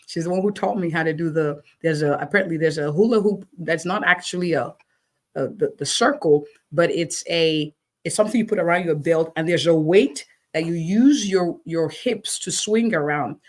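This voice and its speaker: A woman's voice: deep voice, moderate pace. A woman physician answering interview questions, encouraging and checking in with listeners, often repeating words for emphasis. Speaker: physician guest.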